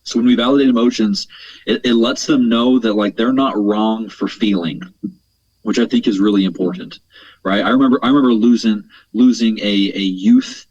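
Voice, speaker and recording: A man's voice: on the low side, steady tone, moderate pace, a little mellow, no echo. A man speaking as a mental performance coach on an interview podcast, explaining earnestly at length, repeating words as he thinks and tagging points with "right?". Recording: dull lo-fi sound, dry.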